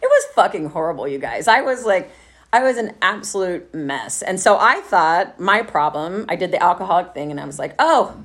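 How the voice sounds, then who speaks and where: Wry, candid woman, lowish voice. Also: lively intonation, normal speed. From Texas. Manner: candid, wry, laughs through dark memories, many fillers like "like". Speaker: storyteller. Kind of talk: personal storytelling to a live audience.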